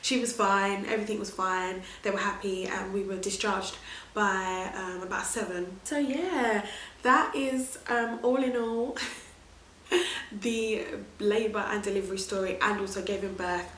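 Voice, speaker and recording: Chatty mum in a roomy space. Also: female voice, mid-range voice, measured pace, a little hiss or hum. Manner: chatty and animated, laughing often. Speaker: vlogger sharing her birth story. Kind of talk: casual storytelling to camera. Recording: roomy echo.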